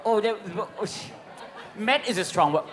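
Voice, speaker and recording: A man in his forties, a panel guest on a live comedy quiz show, telling an animated, sweary story with shrieking quoted voices. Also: sits high, normal speed, a faint crowd. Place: live music venue stage.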